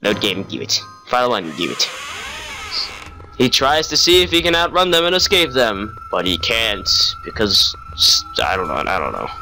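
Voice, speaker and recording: A man's voice: mid-range voice, very animated, normal speed, pushed and bright, faint music behind. A young man giving sarcastic let's play commentary on a horror game. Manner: wry, sarcastic narration of the action. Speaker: gamer playing a horror game.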